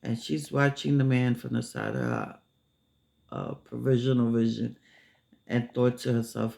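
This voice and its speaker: Slow-talking guy telling a story, gravelly voice, lots of ums. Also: mid-range voice, expressive, a little mellow. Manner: unhurried, many filler pauses. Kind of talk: casual storytelling.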